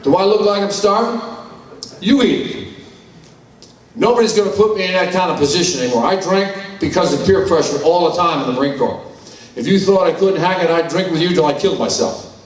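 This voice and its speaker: A man's voice: a little high, fast talker, far from the mic. An older man giving a blunt, salty, folksy talk at a conference, telling personal stories. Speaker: conference speaker. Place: large conference hall. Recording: roomy hall, voice from afar.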